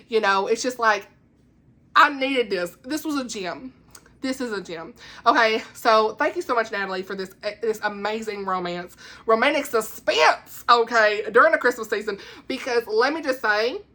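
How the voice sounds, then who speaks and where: A woman talks through a book review in a lively, laugh-filled rant. Her voice sits a touch high and rings bright and forceful. She throws in dramatic little asides as she goes. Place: home.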